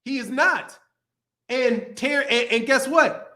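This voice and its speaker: This boxing channel host speaks at an extremely high pitch, taking his time, his tone pushed and bright. His livestream commentary is a heated, cursing rant where he laughs frequently and keeps repeating himself.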